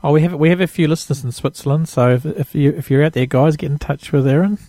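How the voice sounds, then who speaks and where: Gravelly male podcast host. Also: on the high side, fast talker, mellow, no room sound. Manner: friendly, hesitant, with repeated words and short agreements. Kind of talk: casual interview chat.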